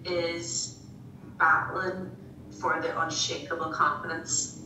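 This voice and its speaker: A woman's voice: low voice, level tone, takes it slowly, roomy sound, recorded from a distance, background noise. A woman guest in a casual faith discussion, speaking candidly and emotionally.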